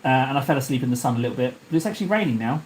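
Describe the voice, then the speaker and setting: A man's voice: mid-range voice, expressive, rapid-fire, darkish tone, slight background noise. A man from Cornwall chatting casually on a live stream while painting miniatures, rambling, joking and talking to viewers. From Cornwall, England. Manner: jokey, rambling, talks to chat.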